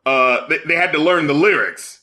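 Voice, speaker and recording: A man co-hosting a podcast in casual chat, heated and profane, his voice climbing into shouts when angry. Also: fairly high pitch, normal speed. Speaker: podcast co-host.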